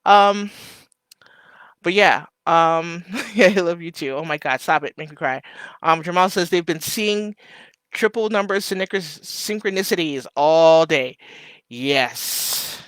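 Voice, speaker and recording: A man hosts a live stream, talking loosely through viewer comments with plenty of fillers. His voice is bright and crisp, recorded dry and close with no room sound. He is emotional and keeps fighting back tears. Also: on the high side, unhurried, no echo. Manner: loose and rambling with many fillers. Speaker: livestream host. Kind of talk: casual live chat, reading viewer comments.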